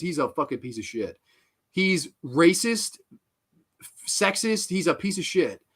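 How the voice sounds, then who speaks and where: A man's voice: high voice, sharp tone. A man hosting a horror film show, tearing into a sequel in a heated, profane, rambling rant with bursts of laughter. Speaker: horror film podcast host. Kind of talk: angry film review rant.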